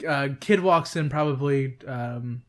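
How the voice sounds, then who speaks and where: A young man co-hosting a podcast, telling work stories in casual, profane, animated chat. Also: medium pitch, a little slow. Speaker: podcast co-host.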